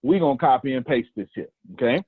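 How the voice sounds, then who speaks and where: A fast-talking man with a mid-range, slightly rough voice and lively intonation leads a group coaching call. He is emphatic, preachy and slangy, teasing listeners throughout. The video call audio is tinny and dry, with no room sound.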